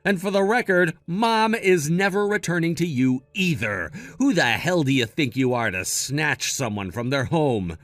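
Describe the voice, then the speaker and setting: A man's voice: a little high, animated, normal speed, few pauses, fairly bright tone, no room sound, soft background music. Blunt man reading a text story. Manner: blunt, scolding tone. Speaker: narrator voicing text chat. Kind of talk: read-aloud text-message story.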